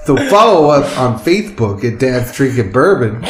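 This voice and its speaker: A man's voice: mid-range voice, very animated, normal speed, a little hiss or hum. A man co-hosting a casual podcast, joking with friends and rattling off plugs for the show. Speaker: podcast co-host. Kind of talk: casual chat. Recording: echoey room.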